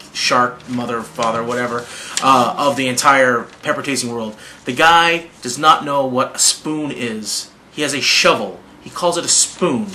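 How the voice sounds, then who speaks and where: A man's voice: mid-range voice, bright, forceful tone, a little hiss or hum. A man hosting a hot sauce video channel, talking casually to camera in a rambling, enthusiastic way and often correcting himself.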